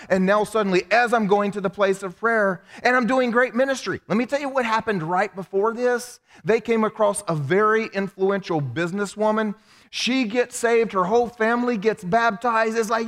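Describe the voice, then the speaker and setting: A high-pitched man preaches, lively and joking as he acts out people's prayers. His voice rings through a church sanctuary with a long reverb tail. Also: normal speed. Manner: animated, humorous, acts out quoted prayers. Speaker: pastor. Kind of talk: sermon.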